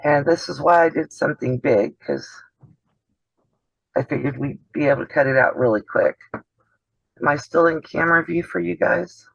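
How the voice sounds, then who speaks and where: A man's voice: on the high side, moderate pace, creaky, long pauses, fairly bright tone, husky, dry recording. A man hosting a casual sewing demonstration over a video call, chatty and explanatory, often trailing off mid-sentence. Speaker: host of a sewing channel. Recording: dull dry video call audio.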